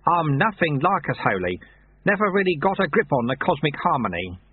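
A man voicing an amiable little old monk sweeper who speaks cheerfully, unhurriedly and with gentle teasing, heard through tinny phone-like audio. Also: a little high, big pitch swings, brisk, husky, voice pushed up.

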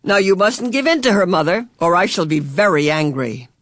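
A man's voice: sits high, normal speed, a bit bright, dry recording, clean studio sound. A man reading aloud, voicing a small young boy who talks in a suspicious, bossy, indignant way.

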